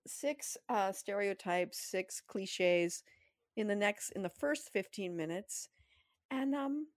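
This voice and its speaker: Casting note: woman co-host, lively rant, frequent laughs, dry close recording. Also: fairly low pitch, no echo. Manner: animated, ranting, laughs often. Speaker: podcast co-host. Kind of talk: casual chat.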